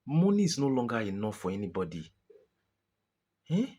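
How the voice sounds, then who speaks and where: A man's voice: medium pitch, big pitch swings, normal speed, mellow. A Nigerian man venting in a frustrated personal monologue to his viewers, exasperated and pleading, often repeating himself. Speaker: vlogger.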